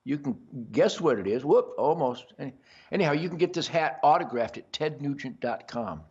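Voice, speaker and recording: A man's voice: on the high side, expressive, moderate pace, a little mellow, slightly rough, highs cut off. An older man hosting a show, talking in a brash, boisterous rambling monologue. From Detroit area. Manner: boisterous, brash, self-promoting. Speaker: host. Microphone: earpiece.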